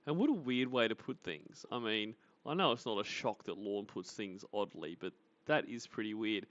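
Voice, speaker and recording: A man's voice: lowish voice, normal speed, fairly bright tone, lo-fi sound. A man hosting a livestream, chatting casually with viewers and teasing them with dry sarcasm. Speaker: livestream host. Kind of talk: casual chat greeting viewers.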